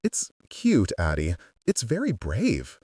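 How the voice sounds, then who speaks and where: A man reading a gentle, kind teen girl. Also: fairly low pitch, huge pitch swings, takes it slowly, slightly rough, no echo, clean studio sound, exaggerated voice.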